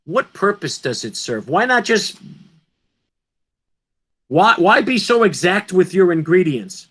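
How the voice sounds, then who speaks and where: Male teacher, high voice, unhurried delivery, emphatic, questions the class often. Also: big pitch swings, fairly bright tone, slightly rough. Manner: emphatic, asks students questions. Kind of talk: online class lecture.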